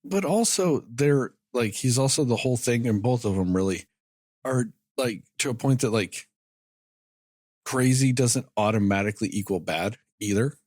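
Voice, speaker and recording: Husky, animated male podcast co-host. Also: mid-range voice, normal speed, dry recording, studio quality. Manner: animated, swears freely, acts out characters' lines. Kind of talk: casual movie review chat.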